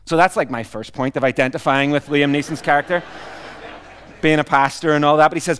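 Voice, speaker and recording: A man's voice: on the high side, fairly even intonation, brisk, fairly bright tone, clean tone. A middle-aged man from Northern Ireland with a Northern Irish accent tinged by Canadian and Australian, preaching a sermon as a visiting pastor in a humorous, self-deprecating, conversational way. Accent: Northern Irish, mixed with Canadian and Australian.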